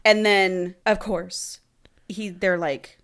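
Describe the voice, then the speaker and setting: A woman's voice: fairly low pitch, fairly even intonation, slow pace, fairly bright tone. A woman hosting a podcast, casually and animatedly recapping a book, quoting characters and swearing freely. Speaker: podcast host.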